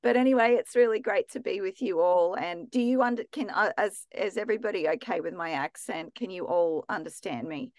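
A woman's voice: medium pitch, a little fast, hardly any pauses, darkish tone, no echo. A woman with an Australian accent, teaching an online theology class in a chatty, enthusiastic way with many restarts. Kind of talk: casual, chatty teaching talk.

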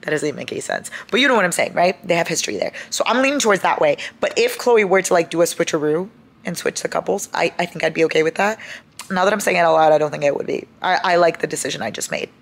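A woman's voice: on the low side, expressive, fast talker, creaky. A young woman vlogging about her reading in a casual, chatty way, gushing and dramatic as she talks straight to her viewers. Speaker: book vlogger.

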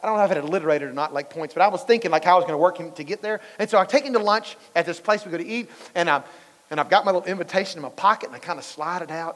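High-voiced male pastor in a reverberant hall. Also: rapid-fire, fairly bright tone. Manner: storytelling, asks the congregation questions. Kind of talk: conversational sermon. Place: church sanctuary. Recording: long reverb of a large church hall.

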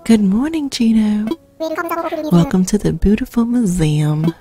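A woman's voice: medium pitch, lively intonation, unhurried, warm tone, faint music behind, lightly acted. A woman voicing a polite, fussy male owl museum curator in a video game, reading his lines in a formal, old-fashioned way. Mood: welcoming. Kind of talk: reading game dialogue aloud in character.

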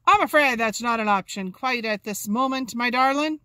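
A woman voicing a smooth-talking, menacing male pirate who turns sarcastic and theatrical, a storybook reading. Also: a little high, normal speed, bright, forceful tone, no echo. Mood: silky. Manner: sarcastic, theatrical, drops to a whisper.

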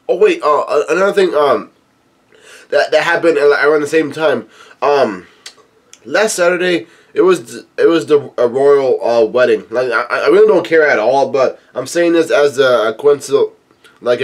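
A man with a voice of middling pitch reads a comic chapter aloud in a relaxed, casual way. He keeps breaking off from the text to drop in quick, offhand remarks of his own. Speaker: manga chapter reader and commentator. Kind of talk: casual reading with commentary.

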